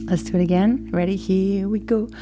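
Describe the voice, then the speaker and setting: A woman's voice: medium pitch, steady tone, normal speed, loud music behind the voice. A woman teaching singing on a podcast, playful and encouraging, dropping into sung demonstrations. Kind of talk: podcast vocal lesson.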